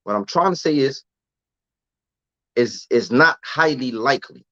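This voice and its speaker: A man talks in a casual livestream style, slangy and loose, often restarting and repeating words. His voice sits at a middle pitch. The sound is dry and slightly muffled. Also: expressive, unhurried, pushed and bright, no echo. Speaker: vlogger answering live chat.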